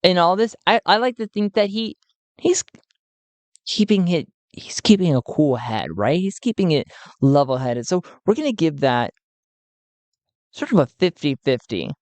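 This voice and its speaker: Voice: medium pitch, big pitch swings, normal speed, darkish tone, no echo. A solo tabletop game narrator who thinks aloud and often chuckles.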